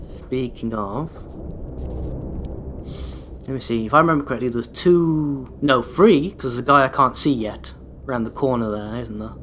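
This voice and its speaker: A man's voice: medium pitch, moderate pace, fairly bright tone, slight background noise. A young man rambling through casual gameplay commentary as a let's play host, with dry, self-deprecating jokes aimed at his viewers.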